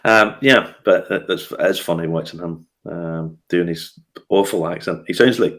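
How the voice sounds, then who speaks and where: A man chats casually as the host of a whiskey show. His voice sits a little low, and he talks in a loose, storytelling way, full of fillers and quick restarts. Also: a bit bright. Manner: chatty storyteller, laughs often, frequent fillers and restarts. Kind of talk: casual chat.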